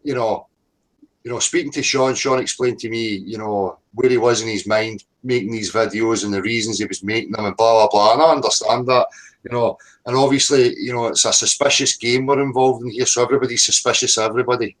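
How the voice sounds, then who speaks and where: A man's voice: mid-range voice, fairly even intonation, brisk, rough recording. A man mediating an online group call who rambles in a conciliatory way, with many fillers and restarts.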